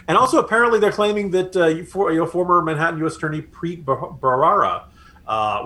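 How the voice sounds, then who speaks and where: A man co-hosting a political podcast, talking in an animated, sarcastic way. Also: a little high. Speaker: podcast co-host. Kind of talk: political commentary chat.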